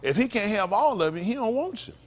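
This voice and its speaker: A man's voice: high voice, big pitch swings, a little fast. A man preaching a conversational sermon to his congregation, with frequent asides to the room. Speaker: pastor. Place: synagogue sanctuary. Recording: long hall reverb.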